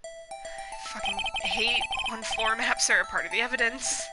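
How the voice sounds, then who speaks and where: A woman streaming a game, joking and swearing in casual commentary over loud game music. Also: fairly high pitch, measured pace. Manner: playful, irreverent, swears.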